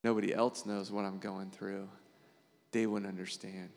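Earnest preacher man in a reverberant hall. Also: moderate pace. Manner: checks in with listeners through frequent tag questions; earnest, animated preaching with sudden jumps in pitch. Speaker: pastor. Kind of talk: conversational sermon.

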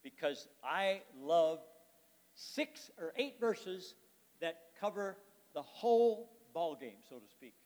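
High-voiced preacher in a reverberant hall. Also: male voice, expressive, slow. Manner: reads scripture aloud, then explains it with rhetorical questions to the congregation; swings between loud emphatic lines and soft, quiet asides. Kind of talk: sermon.

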